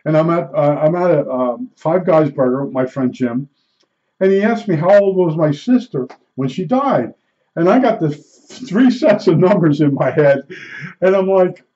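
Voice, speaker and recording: A man's voice: fairly high pitch, lively intonation, normal speed, warm tone, dull audio. A man in his seventies talking through his stories in a rambling, self-correcting way. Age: 70s. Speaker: retiree telling stories. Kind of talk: rambling personal monologue.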